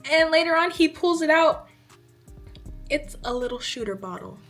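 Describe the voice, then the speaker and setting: A woman in her twenties chatting casually to camera, telling a story and acting out her own reactions with lively emphasis. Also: sits high, normal speed, soft background music. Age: 20s. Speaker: vlogger.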